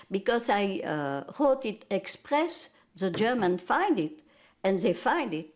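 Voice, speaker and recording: Older Belgian French-accented woman, French native, slow unhurried delivery, halting, hunting for English words. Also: medium pitch, a little mellow. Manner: halting, searches for English words, many restarts. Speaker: interviewee. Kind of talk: recounting wartime memories.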